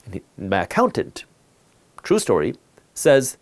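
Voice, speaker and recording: Male host for a finance talk. Lively pitch, punchy repetition, storytelling delivery. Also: brisk. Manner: emphatic, repeats key words for effect.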